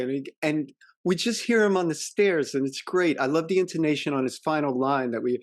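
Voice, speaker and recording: Animated man recapping a movie. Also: on the high side, brisk, no room sound, clean studio sound. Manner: animated, acts out movie quotes in voices. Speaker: podcast co-host. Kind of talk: casual movie recap chat.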